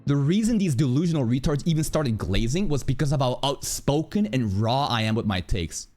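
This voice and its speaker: A man streaming an angry rant, aggressive and profane, speaking in a rapid, assertive way. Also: medium pitch, sing-song, darkish tone, faint music behind.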